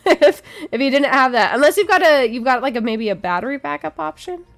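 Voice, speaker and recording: A woman's voice: high voice, lively intonation, brisk, vocal fry, fairly bright tone, faint music behind. A woman streaming a game, chatting casually with her viewers, giggling often and restarting her sentences. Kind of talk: casual chat with chat.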